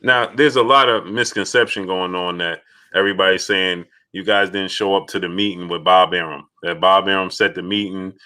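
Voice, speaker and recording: Casual male host, low-pitched and bright, easygoing questions. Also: steady tone, normal speed, clear, resonant tone. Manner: laid-back, asks with many "right?" and "you know". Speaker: interview host. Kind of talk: casual interview talk.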